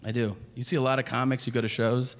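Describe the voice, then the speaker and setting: Man, stand-up comic, crude, deadpan setups, shouted punchlines, mid-pitched voice, live club, audience laughter. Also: quick pace. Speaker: stand-up comedian. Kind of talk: stand-up comedy set. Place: comedy club stage before a live audience. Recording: reverberant venue with audience noise.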